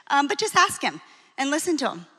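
A woman in her forties, a marriage coach, giving a lively, frank and encouraging talk to a live audience. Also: high-pitched, fairly quick. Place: hall with an audience. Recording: long reverb of a large hall.

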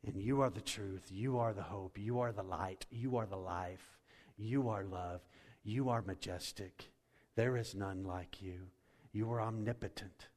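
A male pastor preaching a sermon, swinging from loud and soaring to hushed and slow. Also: lowish voice. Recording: long hall reverb.

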